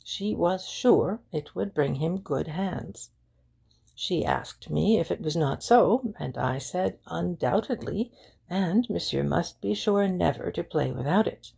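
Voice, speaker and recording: A woman with a lowish, gravelly, husky voice gives a heavily acted performance as an eager young shop girl, speaking slowly. The character is lively and helpful, chatting readily and sprinkling in French phrases.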